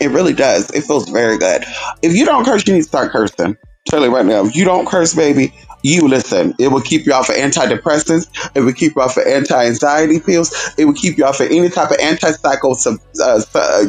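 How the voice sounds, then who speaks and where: A man hosting a casual livestream, talking sassily and animatedly to his viewers, calling them girl and honey. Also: a little high. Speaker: livestream host.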